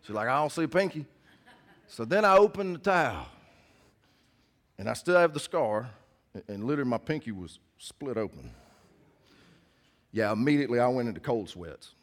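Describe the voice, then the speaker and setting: A man preaching in a church, in a voice of everyday middle pitch. His talk is folksy and conversational, and he keeps turning to the congregation with questions. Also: sing-song, moderate pace, pauses often. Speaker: pastor. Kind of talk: sermon.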